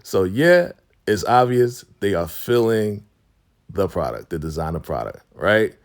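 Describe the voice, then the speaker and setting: A man's voice: lowish voice, big pitch swings. Slangy man recapping a TV episode. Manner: slangy, laughs often, acts out lines in quick voices. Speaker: recap host.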